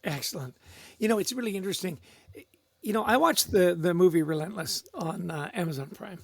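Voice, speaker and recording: A man hosting an interview podcast, enthusiastic and quick to laugh. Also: sits high, expressive, vocal fry, no room sound. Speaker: podcast host.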